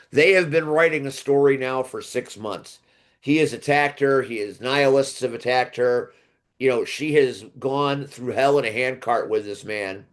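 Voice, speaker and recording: A man's voice: mid-range voice, fairly bright tone. A man hosting a podcast, chatting casually and enthusiastically, rambling with restarts as he previews matches. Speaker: podcast host. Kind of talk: casual wrestling preview chat.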